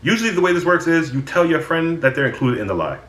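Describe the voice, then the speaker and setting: A man's voice: on the high side, sing-song, fast, fairly bright tone, roomy sound. A man casually telling stories about his friends on his vlog. He sounds exasperated and swears freely. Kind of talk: casual storytelling.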